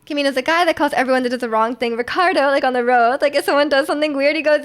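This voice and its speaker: A woman's voice: sits high, fast. A young woman streamer chatting casually with her viewers, rambling with lots of fillers and restarts.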